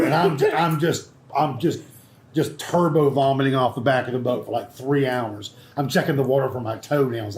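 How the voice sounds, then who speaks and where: A man telling a profane story in lively casual chat. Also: mid-range voice. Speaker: show regular. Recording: echoey room with faint background noise.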